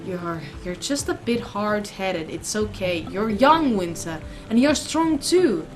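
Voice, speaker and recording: A woman voicing a gentle male mentor in a visual novel, speaking in a soothing, coaxing way. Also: medium pitch, lively intonation, takes it slowly. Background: game music.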